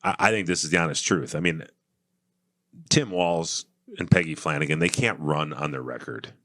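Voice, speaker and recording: A man's voice: a bass voice, moderate pace, a bit bright, no echo, clean studio sound. A man in his forties from Minnesota, a political candidate guest, talking casually in a folksy, storytelling way.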